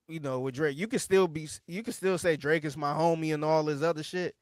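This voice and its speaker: A man's voice: a little high, dry recording, clean studio sound. A man co-hosting a podcast, rambling in casual chat with slang and swearing and restarting his sentences often. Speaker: podcast co-host. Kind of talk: casual chat about music.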